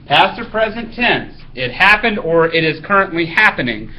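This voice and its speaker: A man's voice: a little high, big pitch swings, moderate pace, sharp tone, low-quality recording. A male teacher reading a story aloud to his class, then giving casual directions for a writing task.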